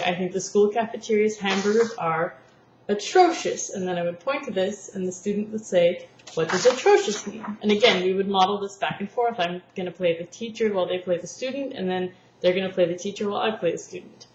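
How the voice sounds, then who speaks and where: A woman's voice: fairly low pitch, fast talker, hardly any pauses. A woman who teaches language therapy, patiently explaining a lesson plan and acting out classroom examples. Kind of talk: spoken lesson walkthrough. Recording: roomy, dull lo-fi sound with faint noise.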